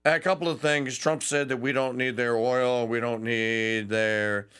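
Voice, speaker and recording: A man's voice: medium pitch, fairly even intonation, a little slow, fairly bright tone. A man from Louisiana hosting a talk radio show, delivering a folksy, joking monologue with mocking asides.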